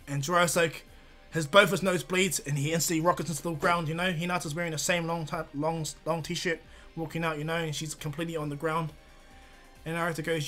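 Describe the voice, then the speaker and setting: A man's voice: a little high, little pitch movement, brisk, a bit bright, soft background music. A man casually narrating a fan-made anime story, rambling with restarts and fillers.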